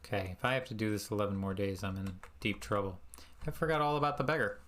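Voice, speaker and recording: A man's voice: on the low side, quick pace, fairly bright tone. A man giving casual gameplay commentary as a streamer, self-mocking and muttering his in-game commands aloud. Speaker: speedrunner and streamer.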